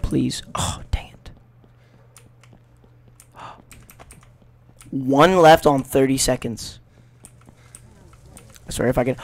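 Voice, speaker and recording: An excitable gaming YouTuber narrates his let's play with playful trash talk. His voice sits in an ordinary middle range and sounds dry and close, with no room around it. He swings between loud outbursts and hushed mutters. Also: mid-range voice, extremely slow, gravelly, pauses often, no echo.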